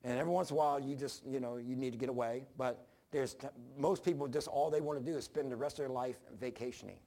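A man's voice: medium pitch, fairly even intonation, fast, mellow. A man preaching an informal sermon, rambling through personal stories with frequent restarts and self-deprecating humor.

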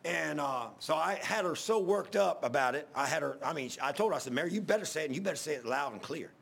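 A middle-aged man, preaching a homespun sermon full of personal stories. His voice is gravelly and husky and sits a bit high, and he rambles and repeats himself, building to loud bursts when moved. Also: animated, fast. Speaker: pastor. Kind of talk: folksy storytelling sermon.

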